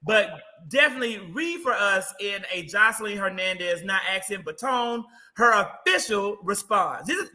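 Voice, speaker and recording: A man guest-hosting a casual chat show, animated and teasing in quick banter. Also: high-pitched, soft background music. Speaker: guest host.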